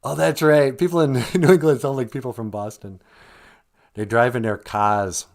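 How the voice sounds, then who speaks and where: His mid-range, darkish voice stays steady at a moderate pace. The speaker, a Minnesotan with an Upper Midwest accent, hosts a casual livestream mixing chat and Ojibwe language lessons, chuckling as he reads comments aloud.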